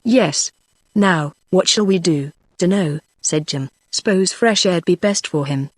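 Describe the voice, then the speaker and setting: A computer-generated narrator reads an adventure novel in a steady, even way, keeping the same voice for every speaker. The pitch sits in a middle range, and the sound is dry and close with no room around it. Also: takes it slowly, dry recording. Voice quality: synthetic text-to-speech voice. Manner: even, unvarying reading of all characters. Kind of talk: scripted narration.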